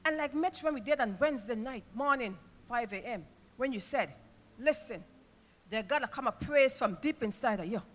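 A woman preaching an impassioned sermon in a church, moving from quiet storytelling to shouted praise. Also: fairly high pitch, expressive, normal speed. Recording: reverberant church hall with music behind.

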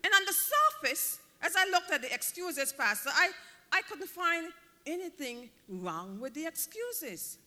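A man's voice: very high voice, big pitch swings, measured pace, sharp tone, big-room sound. A man preaching a sermon, emphatic and driving his points home by repeating key words.

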